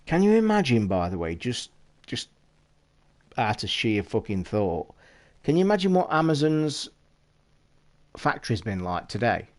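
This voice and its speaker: Swearing, excitable British man streaming. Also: mid-range voice. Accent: British English. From United Kingdom. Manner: swears constantly, excitable and rushed, talks to chat. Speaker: live streamer. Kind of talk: casual live-stream chat.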